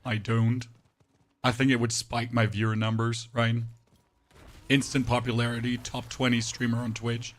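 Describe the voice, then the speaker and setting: With his voice temporarily rougher and deeper than usual, a male streamer casually chats with his audience, bantering and reading their messages aloud alongside sarcastic remarks. His delivery is flat and his speed normal.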